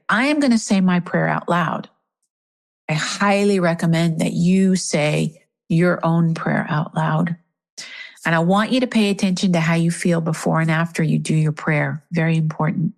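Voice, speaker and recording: Woman leading a reverent guided meditation. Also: on the low side. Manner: soft, reverent, emotional at times.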